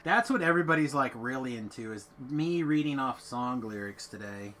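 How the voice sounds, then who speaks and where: Lively, bright-voiced male streamer. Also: mid-range voice, moderate pace, a little hiss or hum. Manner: playful, thanks viewers with goofy flourishes. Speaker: streamer host. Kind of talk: casual gaming stream chat.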